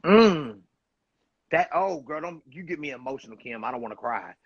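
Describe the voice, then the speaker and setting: A man's voice: fairly high pitch, animated, normal speed, breathy edge, no room sound. A man hosting a casual interview show, effusive and encouraging toward his guest. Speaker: host. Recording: dull muffled dry sound.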